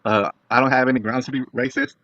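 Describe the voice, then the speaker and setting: A man's voice: mid-range voice, steady tone, fast talker, sharp tone, no echo. A young man ranting bluntly to camera in a vlog, profane and opinionated, who keeps checking in with his viewers. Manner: blunt, profane, keeps asking "all right?". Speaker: vlogger. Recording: dull lo-fi dry recording.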